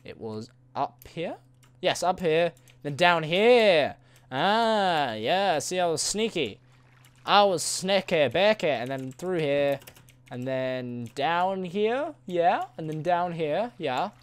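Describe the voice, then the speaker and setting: Lively, playful man narrating his gameplay. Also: a little high, slow, clean tone. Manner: playful, rambling, talks to game creatures, bursts of excitement. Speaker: gaming video host. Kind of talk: casual solo gameplay commentary.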